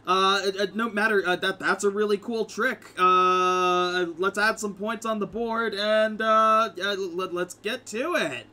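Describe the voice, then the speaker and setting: A man's voice: high voice, fairly even intonation, unhurried, hardly any pauses, bright, forceful tone, faint music behind, pitched above the performer's own voice, exaggerated voice. A man voicing a showy, upbeat arena announcer with a brash, cheerful manner.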